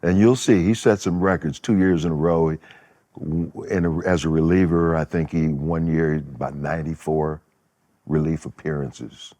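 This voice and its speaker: Man, 70s, very low voice, interview guest, animated storyteller, acts out quotes. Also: normal speed.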